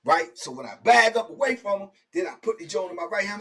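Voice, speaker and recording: A middle-aged man hosting his own show, telling a prison story with a voice that sits a little high. He talks in slang, acts out the people in the story, and keeps checking in with his listener. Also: fast, hardly any pauses. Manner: lively, slangy, acts out the other people he quotes; keeps checking in with "right?" and "you know what I'm saying?". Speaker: host telling prison stories. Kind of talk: animated storytelling.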